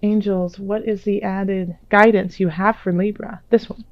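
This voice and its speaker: A woman doing a tarot reading in a casual, gentle, reassuring way, with many fillers. Her voice is a little raspy while it recovers. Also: medium pitch, fairly even intonation, a little slow, lo-fi sound. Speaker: tarot reader. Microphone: own microphone.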